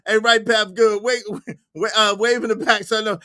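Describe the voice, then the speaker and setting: A man hosting a reaction livestream who talks in an excitable way, laughs often and repeats his phrases over and over. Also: high voice, measured pace, no echo, studio quality. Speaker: livestream host.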